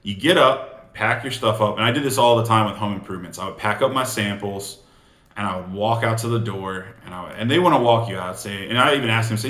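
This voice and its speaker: A man's voice: lowish voice, brisk, reverberant. A man giving casual sales coaching, acting out snippets of sales talk with customers. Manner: animated, acts out sales dialogues. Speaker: sales trainer.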